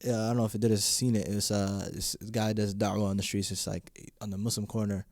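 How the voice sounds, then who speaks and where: A man's voice: on the low side, level tone, fast, darkish tone, no echo, studio quality. A man in a casual discussion, telling an anecdote animatedly with rhetorical questions.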